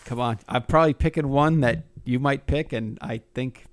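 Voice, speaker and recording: A man's voice: mid-range voice, normal speed. A man hosting a casual talk show, spinning profane, playful hypothetical stories. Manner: profane, playful storytelling, acts out scenarios. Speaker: podcast host. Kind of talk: casual chat.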